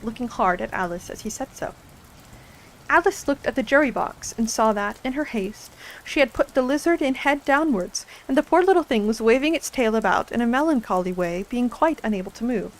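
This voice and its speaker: A woman with a slightly high voice reads a storybook aloud in a soft, unhurried ASMR manner. Faint rain patters in the background. Her narration is calm and steady. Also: a little hiss or hum, rough recording. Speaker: ASMR streamer reading a storybook.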